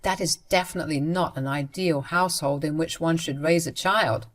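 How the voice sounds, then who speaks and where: A woman narrates a first-person story in a matter-of-fact way. She speaks directly to her listeners. Her voice sits fairly low. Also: normal speed.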